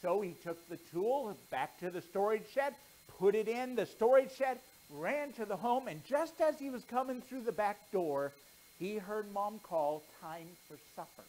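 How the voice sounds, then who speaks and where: Animated man telling a children's story. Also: sits high, unhurried, low-quality recording. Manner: animated storyteller, then earnest preaching. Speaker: pastor.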